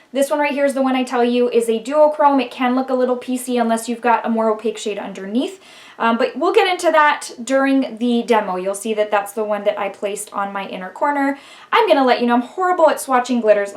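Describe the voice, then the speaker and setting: Chatty woman swatching eyeshadow. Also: fairly high pitch. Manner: chatty, laughs often, talks with fillers. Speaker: beauty vlogger. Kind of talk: casual makeup tutorial.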